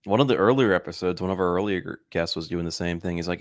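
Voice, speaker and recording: Young guy on a podcast, kinda low voice, dry deadpan jokes. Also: fast, no room sound. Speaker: podcast co-host. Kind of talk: casual chat.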